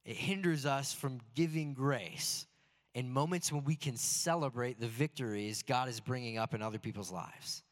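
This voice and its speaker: A man preaching a sermon as a pastor in a church sanctuary, telling stories earnestly and slowing down to stress key phrases. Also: mid-range voice. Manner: earnest storytelling with slow emphatic phrases. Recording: long hall reverb.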